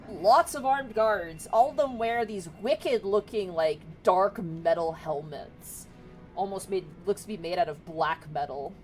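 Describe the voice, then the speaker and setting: A woman's voice: medium pitch, measured pace, darkish tone, faint music behind, rough recording. A woman narrating a tabletop game as game master, describing scenes casually with fillers.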